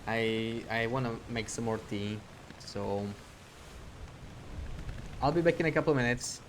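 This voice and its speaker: A man's voice: mid-range voice, measured pace, slight background noise. A man streaming a puzzle game, chatting casually and thinking aloud as he plays. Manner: thinks aloud while playing. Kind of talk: casual gameplay commentary.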